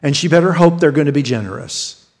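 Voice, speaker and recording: A man preaching a sermon in a chatty, unpolished way, his voice sitting a little higher than most men's. He stumbles over and repeats words as he restarts his sentences. He turns often to speak straight to the congregation. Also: animated, fast talker. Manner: conversational, frequent word repeats and restarts; addresses the congregation directly. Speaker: pastor.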